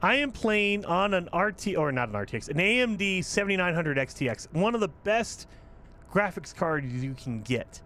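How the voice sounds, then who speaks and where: A man giving casual gameplay commentary as a channel host, talking in an animated, exasperated rant. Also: high-pitched, normal speed, a little hiss or hum.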